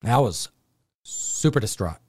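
Animated storytelling man, casual chat. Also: fairly low pitch, measured pace, slightly rough. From Buffalo, New York. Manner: animated, acts out family voices. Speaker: comic book show host.

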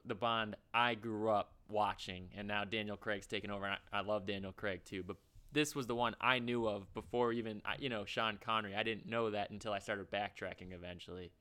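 A man's voice: lowish voice, bright, forceful tone, smooth. A man co-hosting a casual podcast, chatty and rambling with frequent laughs. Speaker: podcast co-host. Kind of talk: casual chat.

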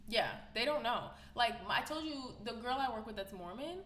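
A woman from New York co-hosting a podcast, talking in a blunt, profane, animated way and telling stories in a casual chat. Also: fairly high pitch, normal speed. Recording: roomy, with faint background noise.

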